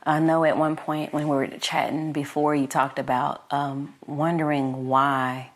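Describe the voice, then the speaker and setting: A woman's voice: sits low, flat delivery, a little slow. A woman hosting an interview, asking a guest brief, attentive questions. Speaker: host.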